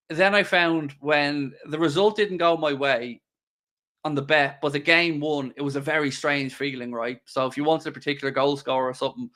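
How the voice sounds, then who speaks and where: A man's voice: a little high, a bit bright. A man hosting a live stream, chatting casually and joking as he answers viewers' questions. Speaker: livestream host.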